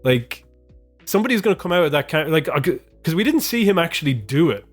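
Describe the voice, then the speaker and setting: A man co-hosting a comedy podcast talks in loose, rambling stretches, swearing and chuckling along the way. Faint music sits low behind his casual chat. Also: big pitch swings, fast talker. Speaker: podcast co-host.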